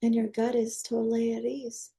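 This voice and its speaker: A woman teaching energy healing. She leads a guided meditation in a soft, coaxing way, with prayer-like invocations. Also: a little high, completely flat delivery, moderate pace, vocal fry.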